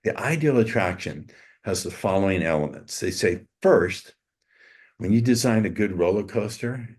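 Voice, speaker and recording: Very low-voiced man, slow suggestive delivery. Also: animated, a little mellow. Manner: slow, suggestive storytelling with stretched emphasis. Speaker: interview guest, dating coach. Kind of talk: interview, demonstrating hypnotic language patterns.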